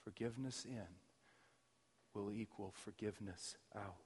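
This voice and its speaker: A man preaching a sermon as pastor, his emphasis surging loud and then dropping to near quiet. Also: lowish voice, steady tone, moderate pace, breathy edge. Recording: reverberant hall.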